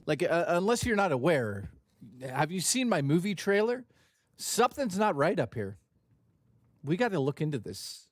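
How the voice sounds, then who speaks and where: A man hosting a casual gaming stream, joking with chat in an animated, profane way. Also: on the high side, moderate pace, no room sound.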